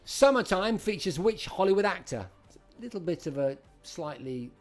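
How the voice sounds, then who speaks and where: A man's voice: high voice, lively intonation, normal speed, faint music behind. A middle-aged man hosting a live-streamed retro quiz, chatting and greeting viewers by name as he reads out questions. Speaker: host.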